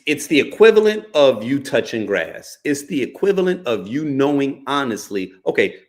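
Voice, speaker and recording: A man riffs in a loose, conversational podcast monologue, with a voice sitting at an ordinary middle pitch for a man. His talk is animated and blunt, full of slang, swearing and constant "you know" and "right?" check-ins. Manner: casual and profane, slangy. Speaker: podcast host. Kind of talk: casual podcast commentary.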